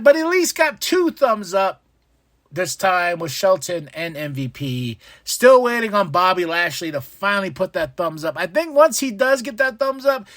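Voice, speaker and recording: Animated man recapping wrestling. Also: fairly high pitch, no room sound, clean studio sound. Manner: animated, acts out quotes in different voices. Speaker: podcast host.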